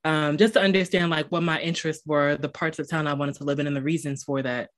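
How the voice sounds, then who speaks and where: A woman's voice: deep voice, fairly even intonation, fast. A woman hosting a podcast, chatty and rambling, with many fillers. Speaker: podcast host. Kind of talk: casual interview chat.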